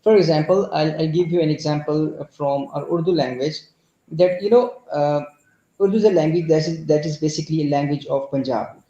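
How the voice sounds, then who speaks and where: Pakistani-accented man, class participant, halting delivery, mellow tone, slightly high voice. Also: roomy sound, highs cut off. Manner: hesitant, many fillers and restarts. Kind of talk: explaining in an online conversation class.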